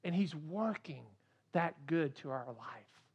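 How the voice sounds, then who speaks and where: A man's voice: on the high side, expressive, takes it slowly, husky, dull audio. Dynamic man preaching a sermon. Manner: dynamic, swings between loud emphasis and quiet asides. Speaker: pastor.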